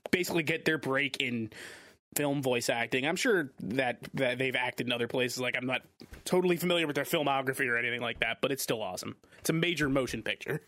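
A man's voice: mid-range voice, fast talker, bright, forceful tone, no room sound. A man co-hosting a movie podcast, giving his opinions in a rambling, hedging way. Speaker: podcast co-host. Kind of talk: casual movie discussion.

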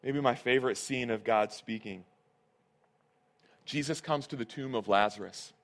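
A man's voice: medium pitch, normal speed. A male pastor preaching a sermon, earnest and emphatic, repeating his key phrases.

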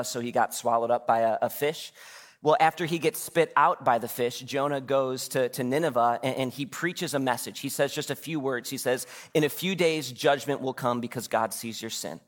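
A pastor in his thirties, speaking a little fast with medium pitch and fairly even intonation, preaches conversationally in church. He asks the congregation questions and performs quotes, and the hall lends a long reverb.

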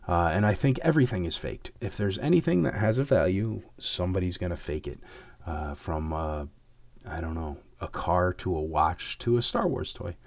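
A man hosting a casual chat answering viewer questions, his voice hoarse and raspy from illness, rambling with many fillers and turning emphatic. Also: low-pitched, animated, moderate pace, a little mellow, no room sound. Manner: rambling, many fillers, gets heated and emphatic about fakes.

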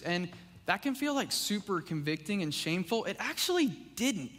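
A man with a fairly high voice gives a casual, conversational sermon, leaning on "like" and "right?" as he talks to the congregation. The sound carries a long reverb from the church hall around him. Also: very animated, normal speed, fairly bright tone. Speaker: preacher. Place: church sanctuary.

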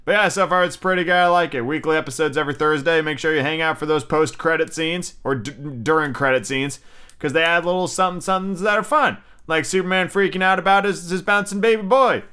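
A man's voice: fairly high pitch, fast, pushed and bright, smooth. A young man hosting a casual solo podcast, chatty and freely swearing, often restarting his sentences. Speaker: podcast host.

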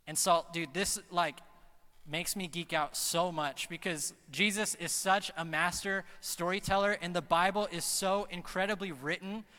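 Young pastor, bright voice in hall. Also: male voice, high-pitched, measured pace. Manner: energetic, casual slang, swings from loud emphasis to soft hushed delivery. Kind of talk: sermon. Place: church auditorium. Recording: long hall reverb.

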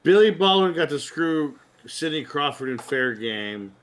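A man's voice: on the high side, lively intonation, measured pace, a bit bright. A man in casual podcast chat about films, joking and chatty.

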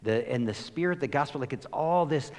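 A middle-aged male pastor giving a conversational sermon, telling stories with lots of fillers and laughs and animated shifts between loud and hushed. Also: mid-range voice, fairly quick, long reverb tail.

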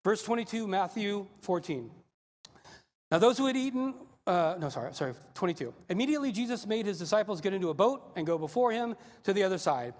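A male pastor preaching a sermon, animated and acting out the voices in the story. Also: high voice, a little fast. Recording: long hall reverb.

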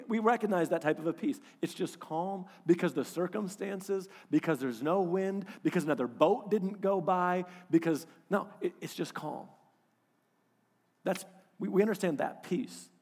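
Animated preacher man in a reverberant hall. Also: on the high side, husky. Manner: animated, swings from loud to hushed. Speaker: pastor. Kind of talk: sermon.

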